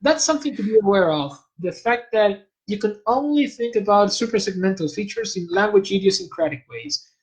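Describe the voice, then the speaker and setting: A high-pitched guest expert, a man whose native language is Spanish, delivers a measured academic lecture and occasionally halts to search for vocabulary. The recording is of low quality.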